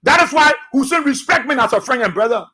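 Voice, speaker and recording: A man's voice: very high voice, lively intonation, fast, noisy background. A man with a Liberian accent, hosting a radio talk show and delivering a preachy, combative political monologue full of repetition and scripture. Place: radio studio.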